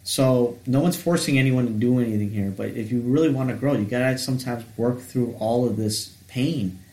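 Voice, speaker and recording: A man's voice: medium pitch, moderate pace, a little mellow. Male co-host, sincere and reflective, roomy echo on the voice. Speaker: podcast co-host. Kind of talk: casual faith-based chat.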